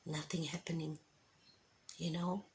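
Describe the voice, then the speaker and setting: A woman's voice: low voice, flat delivery, measured pace, slight background noise, poor audio. A woman giving an emotional faith testimony to camera at home, fervent and often checking that her listeners understand. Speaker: Christian vlogger giving a testimony. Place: at home indoors with windows open.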